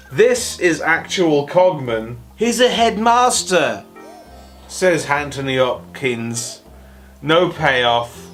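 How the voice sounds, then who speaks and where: A man reviewing toys in a casual ramble, tipsy and hiccuping after shots, sarcastic and excitable, jumping from yelps to mumbles. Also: sits high. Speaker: toy reviewer.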